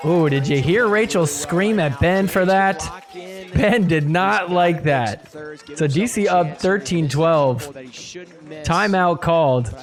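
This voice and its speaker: A man's voice: a little high, slow pace, soft background music. A man hosting a podcast, giving casual commentary over match clips, laughing often and mock-quoting the players.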